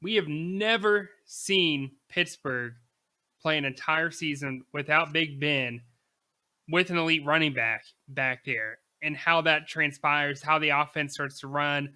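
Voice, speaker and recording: A young man co-hosting a casual sports podcast, animated and emphatic, quick to laugh. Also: a little high. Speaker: podcast co-host.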